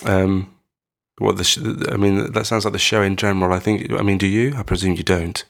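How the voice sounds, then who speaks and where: A man co-hosting a podcast in casual chat, talking slowly and hesitantly while holding back a tickly cough, with dry quips. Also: deep voice, fairly even intonation, creaky, fairly bright tone. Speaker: podcast co-host.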